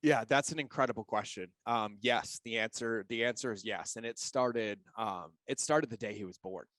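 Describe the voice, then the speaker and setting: Earnest low-voiced man opening up. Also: normal speed, a bit bright, no echo. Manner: earnest and open, sharing personal stories with feeling. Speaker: podcast guest. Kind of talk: candid interview talk.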